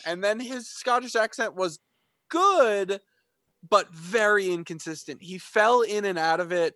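Man, high voice, dry close sound, casual rambling podcast chat, lots of fillers. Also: unhurried, bright, forceful tone, no room sound. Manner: rambling, frequent fillers and restarts. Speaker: podcast co-host. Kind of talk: casual chat reviewing a TV show.

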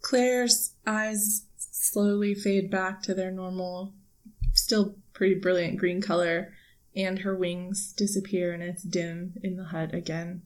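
A woman game master narrating a tabletop role-play in a steady, descriptive way. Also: fairly low pitch, slow.

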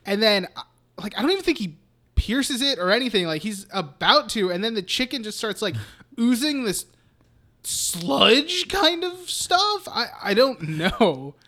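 A man's voice: high-pitched, very animated, a little slow, pushed and bright. A young man co-hosting a podcast, casually retelling a film in a rambling way, laughing and swearing freely. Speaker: podcast co-host.

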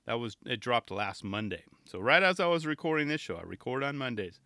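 A man hosts a podcast solo, chatting casually and enthusiastically, rambling and often restarting his sentences. His medium-pitched voice is very animated, brisk, bright, and forceful, with no echo.

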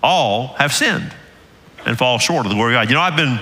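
Older Southern pastor preaching with rising fervor. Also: male voice, mid-range voice, very animated, normal speed, sharp tone. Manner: earnest, building to emphatic peaks. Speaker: lead pastor. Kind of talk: sermon. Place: church sanctuary. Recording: reverberant church hall.

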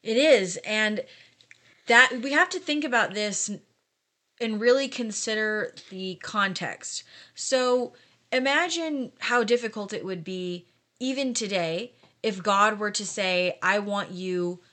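A woman's voice: medium pitch, slow pace, pushed and bright. A woman co-hosting a casual Bible discussion podcast, thoughtfully explaining historical context. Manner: thoughtful, explanatory, asks listeners to imagine. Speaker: podcast co-host.

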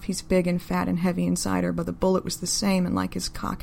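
A woman narrating a story in an even, unhurried, deadpan reading style. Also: lowish voice, creaky, slight background noise.

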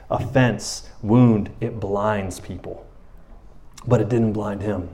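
A man preaching in a loose, conversational way, often checking in with his listeners and dropping to a quiet voice for emphasis. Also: lowish voice, steady tone, slow pace. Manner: conversational, often asks 'you know what I'm saying', drops soft for emphasis. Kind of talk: informal sermon.

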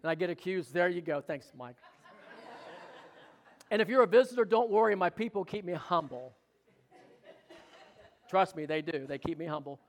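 High-voiced preacher, drawl. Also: male voice, animated, normal speed, long pauses. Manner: exclamatory, calls for amens and jokes with the congregation. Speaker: pastor. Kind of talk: sermon.

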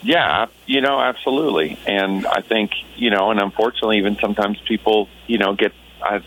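A man's voice: on the low side, brisk, a bit bright, poor audio. A man in his thirties, a Christian musician being interviewed, talking in an earnest, reflective way with many restarts. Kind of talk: casual radio interview.

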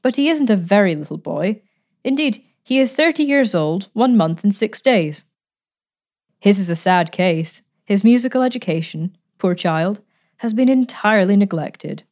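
A woman reading a storybook, voicing a charming, playful gentleman who speaks in a breezy, teasing, pleasant way. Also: medium pitch, animated, moderate pace, close to an everyday voice. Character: charming, playful gentleman adventurer, adult man.

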